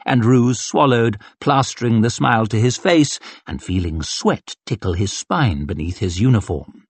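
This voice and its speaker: Breathy, wry male audiobook narrator. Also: mid-range voice, lively intonation, a little slow, dry recording. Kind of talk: scripted narration.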